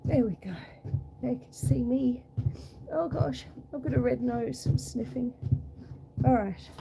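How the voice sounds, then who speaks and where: A homestead vlogger with a highish, warm voice and vocal fry talks unhurriedly to her viewers while walking from freezing fog outdoors into her house, cooing at her pets as she goes. The casual walk-and-talk recording has a little hiss or hum.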